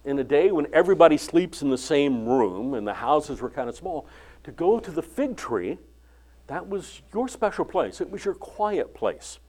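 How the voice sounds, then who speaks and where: An older man preaching a sermon, retelling the Bible story and acting out its dialogue with lively inflection. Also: a little high. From California.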